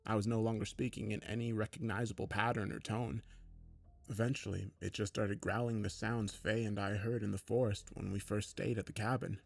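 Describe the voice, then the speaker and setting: A man with a fairly low voice narrates a first-person horror story, steady and low-key. The sound is dry and close, with almost no room around it. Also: brisk, vocal fry, no echo, faint music behind.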